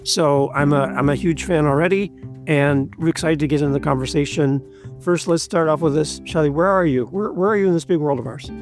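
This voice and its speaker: A man's voice: on the high side, fairly quick, soft background music. A man hosting a podcast, chatty, upbeat and jokey. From Canada. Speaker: podcast host. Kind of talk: casual chat.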